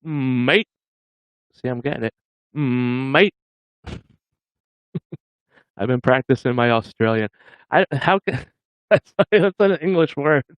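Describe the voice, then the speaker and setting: A man's voice: mid-range voice, lively intonation, a little slow, long pauses, no echo, rough recording. A man hosting a casual livestream, joking with viewers and laughing often. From Massachusetts. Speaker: livestream host.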